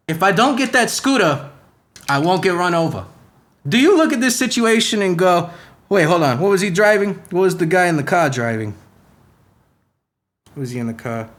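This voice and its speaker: A man voices Spider-Man as a profane, rambling young superhero ranting on a comedy podcast, peppering it with rhetorical questions in an affected accent that keeps slipping. His voice sits high and is a bit bright.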